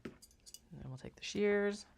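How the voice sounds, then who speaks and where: A woman's voice: medium pitch, lively intonation, slow, gravelly, background noise. A woman giving casual running commentary while cutting fabric on a craft live stream, chatty and wry, swearing and laughing at herself.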